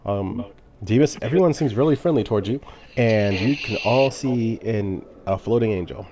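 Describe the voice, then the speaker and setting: A man narrating as game master in a tabletop game, quick and matter-of-fact. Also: on the low side, noisy background.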